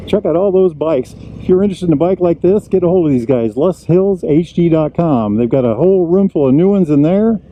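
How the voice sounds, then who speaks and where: An older man with a fairly high voice but a mellow, soft tone. He talks in an enthusiastic, gushing way and keeps repeating his praise. The recording is made outdoors with faint traffic noise behind him. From United States. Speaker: motorcycle reviewer. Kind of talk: casual review walk-around. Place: outdoors at a motorcycle dealership lot.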